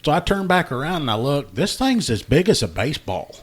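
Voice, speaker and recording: A man's voice: on the high side, very animated, a little fast, slightly rough. A man, hosting a casual podcast chat and telling a work story with plenty of laughter and acted-out dialogue. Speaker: podcast host, law enforcement officer.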